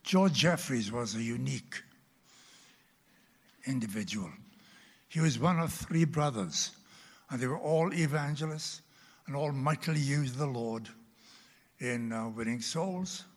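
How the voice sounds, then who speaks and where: An elderly man preaching a sermon, telling a story from his boyhood and dropping to a whisper for emphasis. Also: medium pitch. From Wales. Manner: slow, dramatic, drops to a whisper for emphasis. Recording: long hall reverb.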